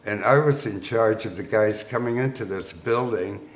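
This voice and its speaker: An American veteran in his eighties, appearing as a guest, unhurriedly recounts his wartime memories and chuckles along the way. His voice is fairly low and moderately paced, recorded in an echoey room with faint noise.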